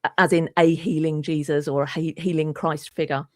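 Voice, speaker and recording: A woman from England hosting an interview, chatting in a friendly way with quick asides. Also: deep voice, steady tone, no room sound, studio quality. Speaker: host. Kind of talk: conversational interview.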